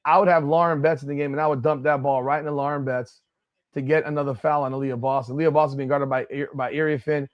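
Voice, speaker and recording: A man with a fairly high voice calls the game play by play on his live watch-party stream. His delivery is blunt and full of swearing. He breaks easily into exasperated outbursts. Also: steady tone, quick pace, muffled recording.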